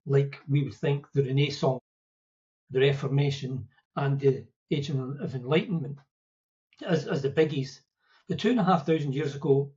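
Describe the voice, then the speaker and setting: Explaining Buddhist ideas as a podcast guest, a man from Scotland talks conversationally, weaving in stories, quips and asides. His voice is on the high side with a dark tone, and the recording's highs are cut off.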